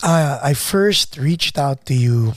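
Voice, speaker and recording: A man's voice: medium pitch, lively intonation, slow pace, no echo, clean studio sound. A man hosting a podcast, asking eager, fan-like questions in a casual interview. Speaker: podcast host.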